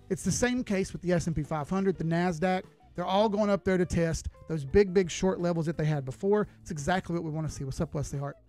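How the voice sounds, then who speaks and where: High-voiced casual chart-streaming man. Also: a little mellow. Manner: casual, folksy, chats with viewers while reading charts. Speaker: crypto chart analyst streamer. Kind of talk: live-stream chart analysis.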